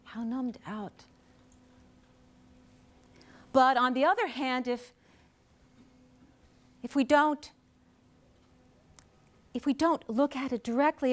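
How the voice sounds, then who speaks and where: A woman poet introducing her poems on stage in an earnest, measured way with deliberate pauses. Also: high voice. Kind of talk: spoken introduction at a poetry performance. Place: live performance on stage.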